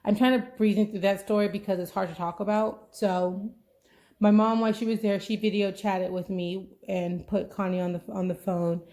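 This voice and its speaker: Young mom podcaster, warm low-key tone, rambly chatty talk with lots of "like" and "you know". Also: female voice, little pitch movement, moderate pace. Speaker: podcast host. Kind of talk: casual chat.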